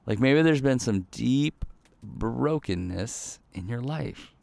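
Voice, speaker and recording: A man's voice: medium pitch, lively intonation, slow pace, creaky, darkish tone, dry recording. A man giving a casual, conversational sermon, talking loosely with lots of "like" and "right?" asides. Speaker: preacher.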